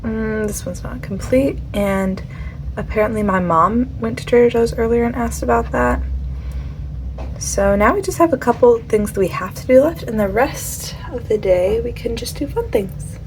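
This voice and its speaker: A woman's voice: on the high side, moderate pace, darkish tone, slight background noise. Chatty young woman vlogging. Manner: chatty, rambling, laughs often. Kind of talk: casual vlog chat.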